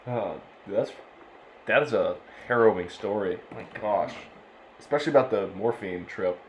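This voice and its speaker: A young man co-hosting a podcast, listening and giving short, relaxed reactions in casual chat. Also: on the low side, normal speed. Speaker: podcast co-host. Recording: roomy, with faint background noise.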